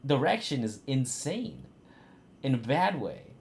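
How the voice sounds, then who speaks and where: A man giving let's-play commentary, ranting and swearing as he goes. His voice swings widely in pitch, with a faint hiss of noise underneath. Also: takes it slowly, gravelly. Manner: profane, ranting, animated. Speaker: streamer.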